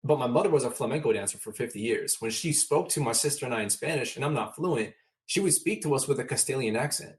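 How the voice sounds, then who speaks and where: A man's voice: medium pitch, animated, quick pace. A man from Southern California, a motivational speaker, talking candidly as a podcast guest and telling earnest stories in which he acts out remembered exchanges.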